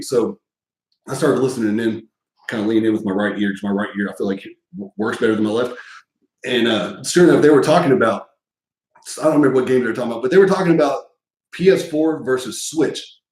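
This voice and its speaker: A man's voice: medium pitch, a little mellow, echoey room, rough recording. A man hosting a podcast, telling a crude, joking story in a casual, rambling way. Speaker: podcast host.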